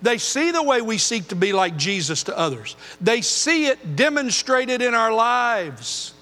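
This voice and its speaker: An older man preaching a sermon as pastor, earnest, moving between loud emphasis and quiet intensity. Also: extremely high pitch, very animated, measured pace, in a large hall.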